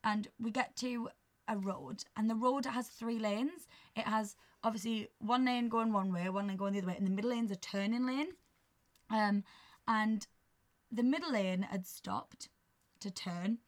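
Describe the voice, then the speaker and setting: A young woman telling a story on a podcast, animated and swearing, often breaking into laughter. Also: fairly high pitch, measured pace. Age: young adult. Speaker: podcast co-host. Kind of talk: casual chat, storytelling.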